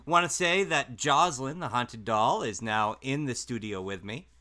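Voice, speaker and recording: A man co-hosting a late-night ghost radio show in a mid-range voice with a bright, forward tone. He talks in a wry, halting way, stopping and restarting as he jokes. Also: mid-range voice, lively intonation. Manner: wry, hesitant, lots of uh and restarts. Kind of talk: paranormal radio show banter.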